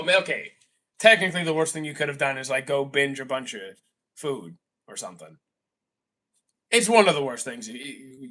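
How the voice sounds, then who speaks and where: Young Canadian man for a casual stream chat: bright, somewhat high voice, rambles and self-corrects, sits back from the mic. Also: recorded from a distance.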